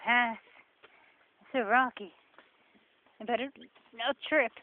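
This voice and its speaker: A woman vlogger with a New Jersey accent rambles sarcastically in a casual vlog as she walks a forest path. Her voice is fairly high and steady, and she speaks slowly. The recording sounds tinny, like a phone, with faint noise.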